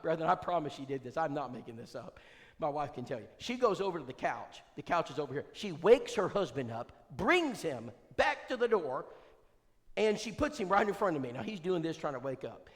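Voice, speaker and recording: Man, folksy seminar preacher, lively swooping voice, slightly high, long hall echo. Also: fairly quick. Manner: animated, folksy, quizzes the audience, many restarts. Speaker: preacher leading an evangelism seminar. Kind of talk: conversational seminar talk with storytelling. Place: church hall. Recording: reverberant church hall.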